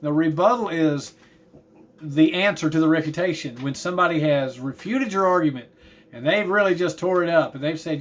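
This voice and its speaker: A man's voice: a little high, moderate pace. A man teaching a class, talking in a tired, chatty way with asides about yawning. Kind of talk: classroom lecture.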